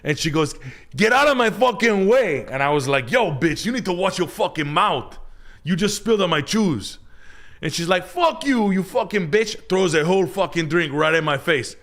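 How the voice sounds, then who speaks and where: A man voicing a brash young male coworker bragging loudly about a club fight. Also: high-pitched, sing-song, moderate pace, voice pushed up, full character voice. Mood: swaggering. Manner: loud, swaggering storytelling.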